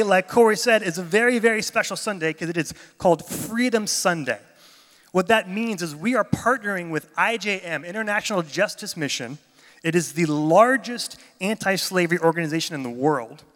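A man with a fairly high, fairly bright voice speaks as a pastor at a church gathering, giving a casual sermon. He tells stories in a chatty, enthusiastic way despite being a little jet lagged. The long reverb of a large hall surrounds him.

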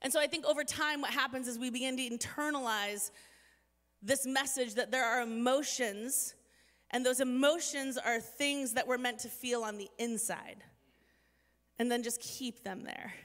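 Woman in her 30s giving an earnest talk to a crowd, high bright voice, lots of "like", echoey hall. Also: normal speed. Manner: chatty and earnest, frequent "like", self-deprecating asides. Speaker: speaker addressing an audience. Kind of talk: inspirational talk to a live audience.

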